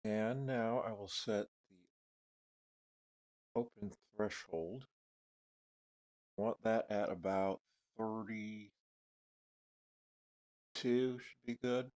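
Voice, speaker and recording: A man's voice: lowish voice, drawn-out words, pauses often, a little mellow. A man live streaming who talks casually and thinks aloud while adjusting his microphone settings. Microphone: desk microphone with noise gate and compressor.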